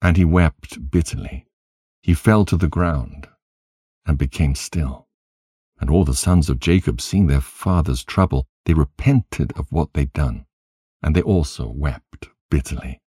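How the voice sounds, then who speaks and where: Deep, slow solemn male narrator. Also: warm tone, breathy edge, no room sound, studio quality. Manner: solemn, measured reading in archaic wording. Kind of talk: scripted narration of scripture.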